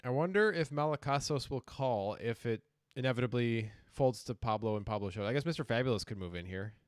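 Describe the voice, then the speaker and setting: A man calling poker hands on a live stream with a dry, wry sense of humor. He talks in a relaxed, conversational way between his reads of the action. The recording is dry and close, with no room sound. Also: medium pitch, brisk, clear, resonant tone, dry recording. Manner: dry, wry humor mixed with hand analysis. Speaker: poker commentator. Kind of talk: casual live-stream commentary.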